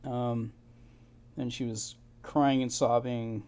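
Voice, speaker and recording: A man's voice: mid-range voice, little pitch movement, darkish tone, clear, resonant tone. Man musing over old documents. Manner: musing, halting, with fillers and short laughs. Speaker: amateur history researcher. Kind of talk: casual commentary reading documents.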